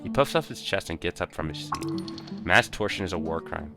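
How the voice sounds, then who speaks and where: Low-voiced man streaming a game. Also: expressive, normal speed, vocal fry. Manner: chatty, wry asides. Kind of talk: live-stream commentary while reading game dialogue. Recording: game music playing behind.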